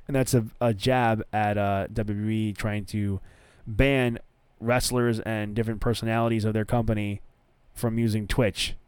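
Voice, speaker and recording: A man's voice: fairly low pitch, level tone, normal speed, a little mellow, clean tone, no room sound. A man hosting a wrestling podcast in a casual, enthusiastic chat, loose and profane, with frequent fillers.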